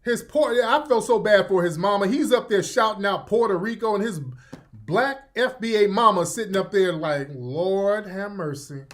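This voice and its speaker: A man hosts his own talk show with blunt, profane commentary. His delivery is casual and mocking, often slowing down for emphasis. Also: high-pitched. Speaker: show host.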